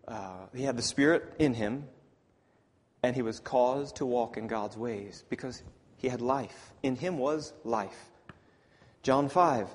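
A man preaching a sermon, swinging from loud emphatic lines to near whispers. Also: mid-range voice, breathy edge, in a large hall.

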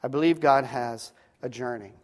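A man's voice: medium pitch, moderate pace. A man preaching a sermon, earnest and emphatic, telling stories in between.

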